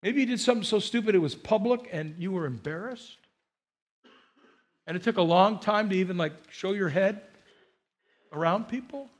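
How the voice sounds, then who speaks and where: A man preaching in a church, his voice sitting high for a man. He is animated, repeats his phrases and keeps coaxing the congregation to answer back. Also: normal speed, long pauses. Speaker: pastor. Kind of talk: sermon.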